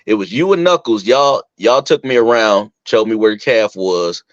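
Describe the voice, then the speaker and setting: A young man chatting casually on a podcast, telling stories with lots of laughter and acting out quotes in a higher voice. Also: normal speed, no echo, muffled recording. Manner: animated storyteller, acts out quotes in a higher voice, laughs often. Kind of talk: casual chat.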